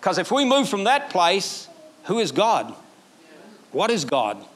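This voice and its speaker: A man. He is animated and lifts his voice sharply when he acts out quoted prayers. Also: high voice, slow pace. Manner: animated preaching, acting out quoted prayers in a raised voice. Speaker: pastor. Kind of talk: sermon.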